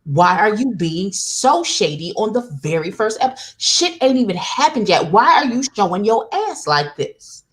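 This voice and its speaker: A woman in a casual online panel who gives measured praise and then turns blunt and sassy. Her voice is at an everyday middle pitch. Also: sing-song, a bit bright. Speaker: YouTube commentator on a panel. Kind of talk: casual critical panel discussion.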